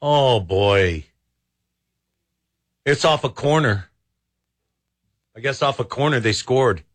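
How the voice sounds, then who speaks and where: A man's voice: medium pitch, lively intonation, takes it slowly. A man hosting a talk radio show, rambling and exasperated, with many false starts. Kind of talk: casual talk radio commentary.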